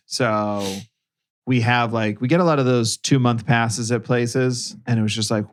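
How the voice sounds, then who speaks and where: A man's voice: medium pitch, normal speed. A man in his thirties, a guest podcast co-host, telling a casual story with dry, sarcastic humor.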